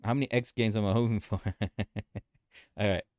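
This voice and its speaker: A man hosting a casual market commentary livestream, animated and joking, often repeating himself and laughing. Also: on the low side, normal speed, dry recording, studio quality. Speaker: livestream host.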